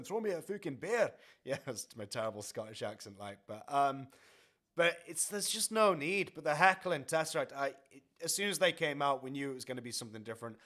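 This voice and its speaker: A man chatting casually as a music reaction streamer, rambling and excitable with lots of fillers and laughs. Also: mid-range voice. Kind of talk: casual chat over album playback. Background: heavy metal music playing faintly.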